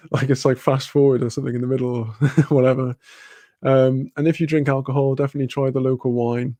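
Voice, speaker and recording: A man's voice: mid-range voice, darkish tone, no room sound. A man with a British accent chatting casually on a live stream, reading comments aloud, rambling, laughing often and swearing freely.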